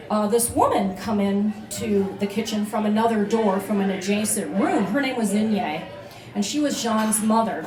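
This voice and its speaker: A woman's voice: medium pitch, darkish tone. Woman telling a story on a roomy stage. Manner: conversational, many fillers and restarts. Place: live venue, beach bar room.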